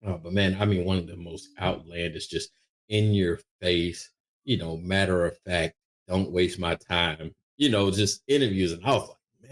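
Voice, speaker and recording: A man with a very deep, low-pitched voice tells stories as a guest on an interview podcast. His delivery is animated and lively, with frequent restarts in his sentences. He sounds middle-aged, and he talks casually like a veteran producer. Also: normal speed.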